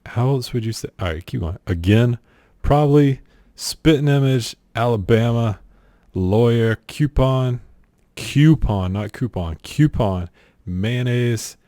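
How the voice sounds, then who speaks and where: Laid-back low-voiced Southern man. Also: a little mellow, no echo, studio quality. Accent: South Carolina. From South Carolina. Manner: laid-back, offhand, says "y'all" and "ain't". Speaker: streamer doing an accent challenge. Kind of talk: casual vlog reading a list of questions.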